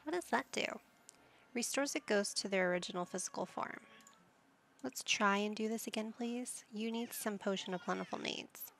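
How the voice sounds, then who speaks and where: A woman's voice: medium pitch, moderate pace, fairly bright tone. A woman giving casual let's-play commentary, playful and motherly, with silly made-up words. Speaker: gaming video host.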